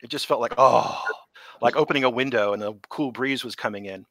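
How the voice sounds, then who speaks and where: Middle-aged guy spinning creature suit stories, bright clear voice, dry close sound. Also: mid-range voice, fast, no echo. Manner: animated storyteller, acts out quotes. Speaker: interview guest, creature suit performer. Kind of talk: casual interview storytelling.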